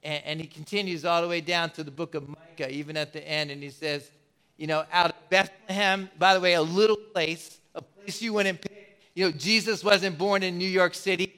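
A man's voice: on the high side, steady tone, normal speed, pushed and bright, smooth. A man preaching a sermon as pastor, emphatic and given to repeating words as he builds his points. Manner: emphatic, repeats words, acts out quoted voices.

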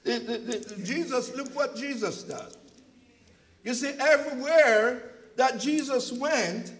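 A male preacher giving an impassioned sermon, telling stories from his church's food pantry and at times rising to a shout. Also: very high voice, slow pace, poor audio. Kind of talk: sermon with storytelling.

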